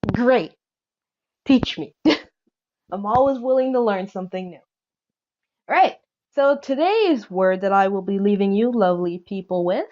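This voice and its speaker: A woman's voice: fairly high pitch, dull audio. A young woman hosting a casual solo podcast, rambling and self-deprecating, laughing often. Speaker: podcast host.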